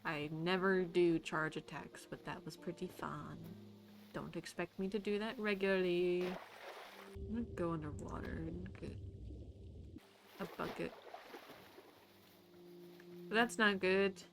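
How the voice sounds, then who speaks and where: A woman's voice: fairly low pitch, fairly even intonation, measured pace, pauses often, a little hiss or hum. A woman streaming a game, chatting casually to herself, laughing often and swearing casually. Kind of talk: casual gameplay commentary.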